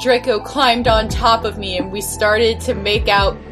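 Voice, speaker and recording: A woman's voice: on the high side, steady tone, unhurried, music in the background. A young woman co-hosting a comedy podcast, reading a story aloud playfully and joking about it. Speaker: podcast co-host. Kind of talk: comic dramatic reading.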